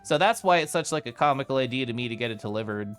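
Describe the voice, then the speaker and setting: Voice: medium pitch, expressive, fast talker, clean tone, faint music behind. A livestreamer chatting casually with viewers, telling rambling stories full of fillers and mock outrage. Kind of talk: casual chat with a live stream chat.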